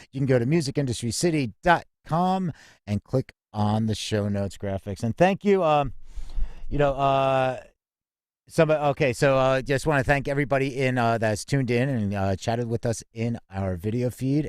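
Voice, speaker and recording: A man's voice: medium pitch, darkish tone, no echo, clean studio sound. Man hosting a music news roundup. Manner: reads articles aloud with fillers and restarts. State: out of breath. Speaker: news show host.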